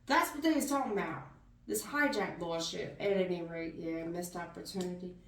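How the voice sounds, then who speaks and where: A woman's voice: on the low side, moderate pace, echoey room, far from the mic. Blunt, slangy woman tarot reader. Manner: blunt, slangy, animated, talks straight to the viewer. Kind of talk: casual tarot reading.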